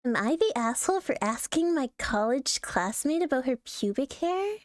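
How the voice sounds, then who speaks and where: A woman streaming casual commentary on online posts, talking bluntly with swearing, frequent throat clearing and lots of laughter. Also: high-pitched, animated, moderate pace, dry recording, studio quality.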